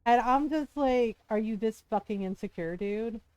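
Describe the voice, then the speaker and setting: A woman's voice: a little high, normal speed, a little mellow, clear, resonant tone, no room sound. A woman game streamer in casual livestream chat, ranting heatedly, swearing often and breaking into laughs.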